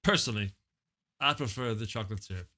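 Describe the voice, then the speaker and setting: A man's voice: on the low side, quick pace, bright, forceful tone, voice pushed down. A man putting on a mumbling, eccentric male movie-star impression with rambling answers. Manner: mumbling, rambling, abruptly dismissive.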